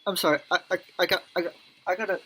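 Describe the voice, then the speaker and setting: A woman's voice: lowish voice, steady tone, a bit bright, slight background noise. A woman playing through a visual novel, reading the characters' lines aloud in different voices and breaking off to comment. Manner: reads lines in many voices, quick reactions and laughs. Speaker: gaming YouTuber. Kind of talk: let's play, reading game dialogue aloud with commentary.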